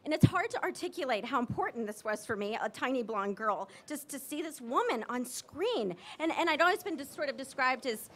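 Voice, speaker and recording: A woman in her forties giving an emotional public tribute speech, gushing and excited, close to tears at times. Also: high voice. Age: 40s. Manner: gushing, excited and teary, quick asides. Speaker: tribute speaker at a ceremony.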